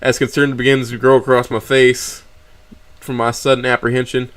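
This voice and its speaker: A man's voice: mid-range voice, level tone, normal speed, a bit bright. A man reading a story aloud on a stream, stumbling and correcting himself as he reads.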